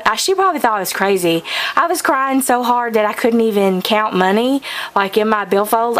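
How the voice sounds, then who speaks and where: A young adult woman giving a casual, rambling bookshelf tour in her home studio, full of ums and likes, recorded on a camcorder. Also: mid-range voice. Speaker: vlogger. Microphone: camcorder mic.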